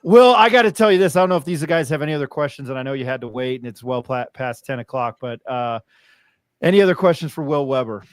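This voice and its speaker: This is a man from New Mexico hosting a podcast and chatting casually. His voice sits at a middle pitch, and the sound is dry and close. He rambles through stories full of fillers and restarts. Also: fast, clean tone, dry recording. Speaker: podcast host. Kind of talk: casual chat.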